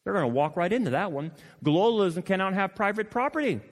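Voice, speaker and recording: A man preaching a sermon as pastor, impassioned and animated, addressing the congregation directly. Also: high voice, fast talker, in a large hall. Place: church sanctuary.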